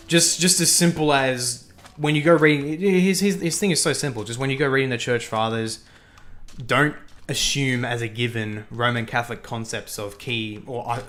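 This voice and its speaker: A man's voice: medium pitch, bright, forceful tone. A young man hosting a livestream who chats casually while gaming, thinking aloud, repeating himself and reacting to the game and chat. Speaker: livestream host.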